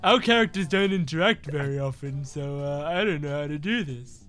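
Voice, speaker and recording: A woman hosting a gaming channel, chatting while she plays and reasoning out loud, quick to laugh. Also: low voice, expressive, faint music behind. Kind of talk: casual chat while playing a game.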